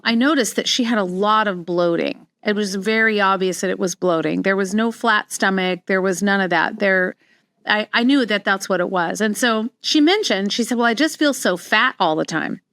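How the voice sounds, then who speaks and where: Middle-aged woman host, casual storytelling, candid and chatty, mid-pitched voice, dead-dry close mic. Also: moderate pace, dry recording. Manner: candid, animated when quoting herself, frequent restarts. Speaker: podcast host, wellness practitioner. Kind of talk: casual solo podcast storytelling.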